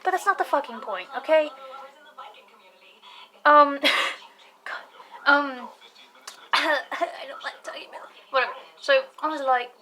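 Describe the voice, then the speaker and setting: A woman's voice: high-pitched, slow, pauses often, pushed and bright, rough recording. Young woman with a British-sounding accent, giggly and rambling. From United States. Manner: rambling, giggly, swears, drops into whispers. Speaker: vlogger. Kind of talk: casual storytelling to camera.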